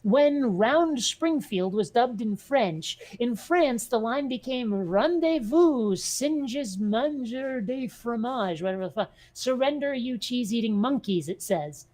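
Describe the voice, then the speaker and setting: A woman co-hosting a casual chat show, wry and quick to laugh, reading aloud from a web page with offhand swearing. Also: a little high, animated, darkish tone. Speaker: podcast co-host.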